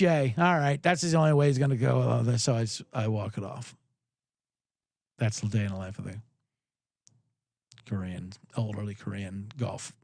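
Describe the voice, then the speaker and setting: Man, sports podcast host, comedic rant, swearing, lively swinging pitch, dead dry sound. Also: fairly quick, no room sound. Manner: animated, profane, acts out both sides of an argument.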